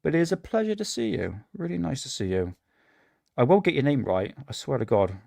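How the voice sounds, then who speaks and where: A man's voice: medium pitch, very animated, a little fast, creaky, dark tone, no room sound, studio quality. A man with a British accent hosting a casual livestream, rambling, swearing often and laughing at himself. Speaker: livestream host.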